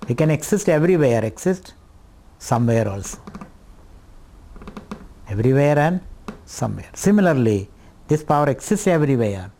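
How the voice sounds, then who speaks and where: A middle-aged man gives a spiritual teaching at a retreat, his voice sitting somewhat high for a man. He speaks slowly and contemplatively, repeating key phrases and stretching out Sanskrit words. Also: vocal fry, a little mellow. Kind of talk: scripture talk at a retreat.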